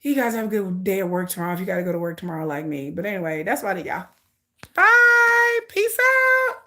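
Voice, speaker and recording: A woman's voice: on the low side, racing. A woman hosting a casual live stream, talking in an emphatic, repetitive way and calling her viewers y'all. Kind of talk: casual livestream commentary.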